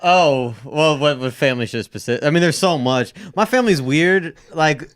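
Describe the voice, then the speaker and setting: A man's voice: on the high side, expressive, normal speed, clear, resonant tone. A male comedian as a podcast guest, chatting loosely with plenty of fillers and swearing. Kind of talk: casual podcast chat.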